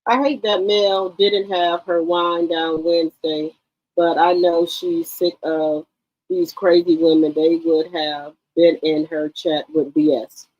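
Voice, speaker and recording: A woman's voice: fairly low pitch, level tone, slow pace, darkish tone, highs cut off. A woman hosting a casual livestream, chatting brashly with her viewers and swearing freely. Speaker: livestream commentary host.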